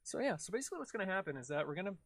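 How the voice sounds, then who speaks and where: A man casually narrates each step of his video editing on a livestream, rambling and joking along the way. His voice sits high and a bit bright, very animated, and he races through his words.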